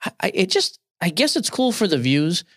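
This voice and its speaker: A man's voice: high voice, very animated, moderate pace, a bit bright. A man in his thirties co-hosting a podcast, ranting and opinionated in casual chat. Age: 30s. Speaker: podcast co-host.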